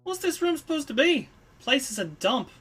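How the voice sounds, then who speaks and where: A woman's voice: high-pitched, sing-song, normal speed, a bit bright, voice pushed up. A woman doing a cocky young thief girl. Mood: scoffing. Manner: blunt, cocky, rough slangy talk. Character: brash young female thief, cocky and blunt.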